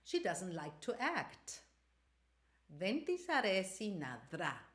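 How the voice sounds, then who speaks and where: A woman's voice: mid-range voice, wildly swooping pitch, slow, a bit bright. A woman teaching a language lesson, explaining carefully and repeating example sentences. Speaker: Greek teacher.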